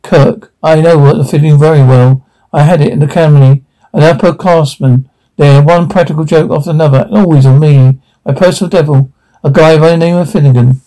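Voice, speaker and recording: A steady male starship captain, read aloud by a man in a halting, unpolished delivery. His voice is slightly high, gravelly and mellow. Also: lightly acted, low-quality recording. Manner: plain, halting script reading.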